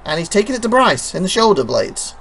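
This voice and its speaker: A host giving playful, excitable play-by-play commentary on a wrestling video game show. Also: medium pitch, fast talker, gravelly, slightly rough. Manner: excitable, exclaims often.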